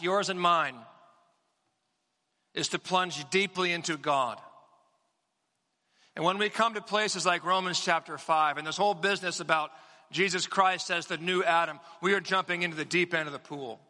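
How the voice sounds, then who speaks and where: A pastor in his forties preaches a sermon from a church sanctuary, using measured, emphatic phrases and repetition for weight. His voice sits high and sounds pushed and bright, with a long reverb tail.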